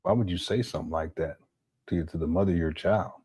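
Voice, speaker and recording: A man's voice: low-pitched, fast, mellow, husky. A man commenting on video clips, sounding exasperated and critical. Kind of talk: reaction commentary over clips.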